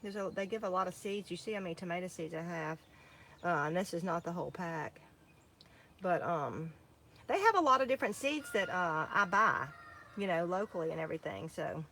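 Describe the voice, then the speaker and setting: A woman's voice: on the low side, lively intonation, a little fast, bright, forceful tone. Woman co-host, rambling casual chat with lots of fillers, faint noise behind. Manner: chatty, rambling with many fillers. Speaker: farm co-host. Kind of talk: casual chat while planting seeds.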